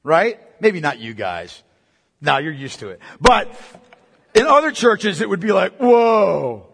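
A man's voice: high voice, very animated, measured pace, gravelly, fairly bright tone, husky, long reverb tail. A man preaching a sermon as pastor, emphatic, putting repeated questions to the congregation. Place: church hall.

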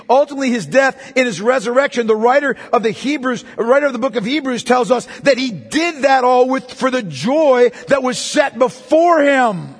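Lively high-voiced preaching man, hall reverb. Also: breathy edge. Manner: emphatic, conversational preaching with rhetorical questions. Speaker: pastor. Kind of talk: sermon.

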